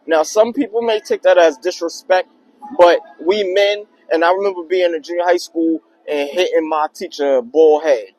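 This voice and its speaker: Young man, high voice, slangy, animated, casual story vlog. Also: moderate pace, soft background music, poor audio. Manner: slangy, animated retelling with acted quotes. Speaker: vlogger telling a personal story.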